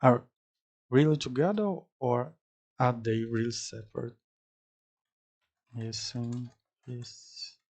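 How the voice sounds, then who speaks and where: A man speaking English as a second language, halting and searching for words, repeating words to practice saying them as he reacts to an anime. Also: mid-range voice, darkish tone. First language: not English. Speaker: anime reaction channel host. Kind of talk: casual theory-crafting reaction.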